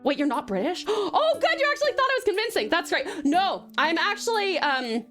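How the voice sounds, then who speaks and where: A woman's voice: very high-pitched, sing-song, fairly quick, fairly bright tone, soft background music. A woman streamer with a mixed American and Australian accent, chatting casually and bubbly with her viewers. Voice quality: bubbly and giggly, doting on chat. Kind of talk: casual live stream chat.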